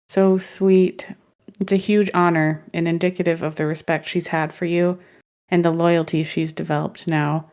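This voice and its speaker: A woman's voice: fairly low pitch, darkish tone. A woman co-hosting a podcast in playful, jokey casual chat. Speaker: podcast co-host.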